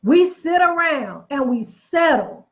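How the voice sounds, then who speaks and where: A woman's voice: high voice, big pitch swings, unhurried, highs cut off. A woman giving a casual motivational talk, emphatic and preachy, repeating phrases for effect, with chatty folksy asides. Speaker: motivational speaker.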